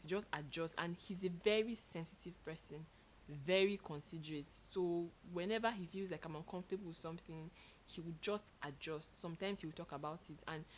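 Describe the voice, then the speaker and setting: Expressive young woman, slightly low voice. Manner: expressive, animated storytelling, laughs. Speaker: co-host. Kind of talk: casual couple chat.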